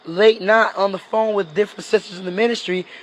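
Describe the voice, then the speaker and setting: Animated high-voiced man preaching. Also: a little fast, a little hiss or hum. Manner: animated, acts out dialogue with fillers like "you know". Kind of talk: casual sermon with acted-out skits.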